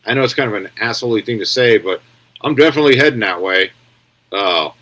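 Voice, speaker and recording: A man's voice: fairly low pitch, quick pace, fairly bright tone. Blunt, rambling male commentary host. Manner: rambling, blunt, talks back to viewer comments. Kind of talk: casual livestream news commentary.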